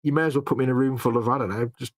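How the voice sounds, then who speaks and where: A well-spoken English man with a faint Manchester accent, talking quickly in casual banter. He turns jokes on himself with easy, rapid patter. The sound is close and dry. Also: mid-range voice, fairly even intonation, dry recording. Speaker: co-host. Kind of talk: casual late-night chat.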